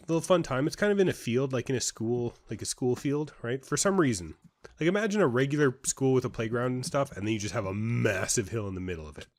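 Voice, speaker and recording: A young man co-hosting a casual game playthrough, chatty and rambling as he tells stories. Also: mid-range voice. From Canada. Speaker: gaming co-host. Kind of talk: casual gameplay chat.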